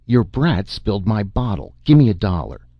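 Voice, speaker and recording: Brief: male reader doing a drunk, growling brute of a miner father, gravelly and dry-recorded. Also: fairly low pitch, sing-song, moderate pace, no echo, dull audio, voice pushed up. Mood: drunken snarl. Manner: growling, snarling. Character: drunken brutal miner father, middle-aged man.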